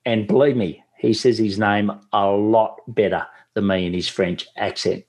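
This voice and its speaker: A man's voice: lowish voice, fairly even intonation, measured pace, darkish tone. A man with an Australian accent hosting a podcast in a chatty, enthusiastic way. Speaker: podcast host.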